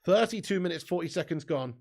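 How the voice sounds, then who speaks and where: An English man with a high, expressive voice hosts a live football watch-along on a stream, talking fairly quickly. He banters with his chat, laughs often, and reads comments aloud.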